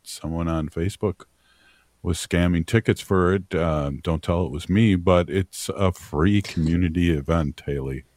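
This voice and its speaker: A man co-hosting a community radio show, talking casually and haltingly with many fillers. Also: low voice, a little mellow, no echo, studio quality. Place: radio studio. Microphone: studio mic.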